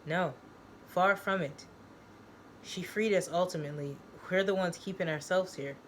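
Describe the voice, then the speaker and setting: A woman's voice: fairly low pitch, normal speed, slight background noise, close to an everyday voice. A woman reading as a cocky young male patient. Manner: cocky, slangy, calls people dude and man. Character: brash young male psych ward patient. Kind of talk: reading her own novel aloud.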